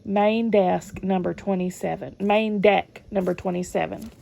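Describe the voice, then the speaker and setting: A woman's voice: medium pitch, steady tone, measured pace, vocal fry, warm tone, slight background noise. A woman, reading old letters aloud and adding chatty comments between them. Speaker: channel host reading family letters.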